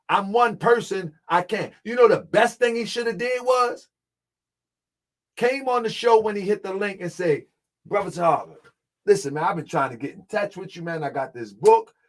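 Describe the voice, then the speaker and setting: A man hosting his channel, reacting to a clip with indignant, mocking commentary to his viewers. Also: high-pitched. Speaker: channel host.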